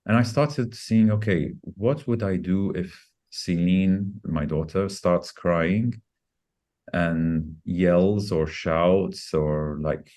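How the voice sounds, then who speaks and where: Slow and a little mellow, this middle-aged man's low voice carries a candid personal story he shares as a podcast guest. His tone stays earnest and reflective, picking up speed when he quotes his own words.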